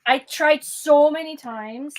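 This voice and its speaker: A woman's voice: high voice, takes it slowly. A woman chatting as a guest on a livestream, easygoing and self-deprecating. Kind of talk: casual chat.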